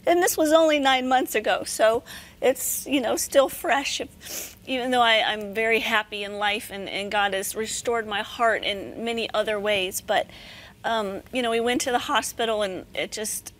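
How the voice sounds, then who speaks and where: A woman guest giving an earnest, emphatic faith testimony with a slightly hoarse, damaged voice. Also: on the high side, moderate pace, a bit bright. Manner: earnest, emphatic, preacher-like cadences.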